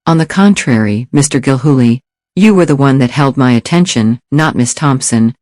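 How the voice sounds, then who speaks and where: A man voicing a calm, courteous former special forces operative with a British accent, speaking softly and formally. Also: medium pitch, moderate pace, dry recording, close to an everyday voice. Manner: soft-spoken, courteous, formal.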